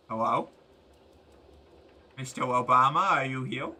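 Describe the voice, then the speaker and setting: A man streaming a game, giving excitable, joking commentary with crude humor. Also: mid-range voice, normal speed, long pauses. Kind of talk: gameplay commentary.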